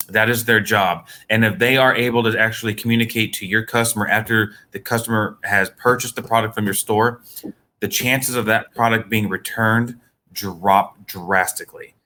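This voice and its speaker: A man leads a product training session, fielding questions about the products. His voice is bright and forward, and his delivery is casual and conversational, with plenty of restarts. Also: fairly low pitch. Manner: relaxed, conversational, many restarts. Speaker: vendor trainer.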